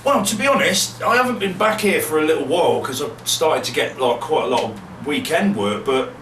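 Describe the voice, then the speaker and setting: A man's voice: a little high, animated, fairly quick. A male comedian speaking earnestly in an interview. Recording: echoey room from far, clear noise.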